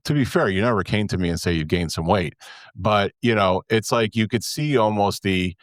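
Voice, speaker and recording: A man's voice: lowish voice, normal speed, no echo, clean studio sound. Candid, rambling man in his fifties. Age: 50s. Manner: candid, rambling, self-interrupting. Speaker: podcast host. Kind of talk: casual podcast chat.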